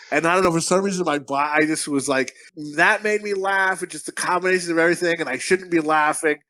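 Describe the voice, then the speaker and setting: A man's voice: on the high side, fast, few pauses, bright, forceful tone, dry recording. A man co-hosting a podcast in casual chat, a profane, rambling storyteller who laughs at his own stories. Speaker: podcast co-host.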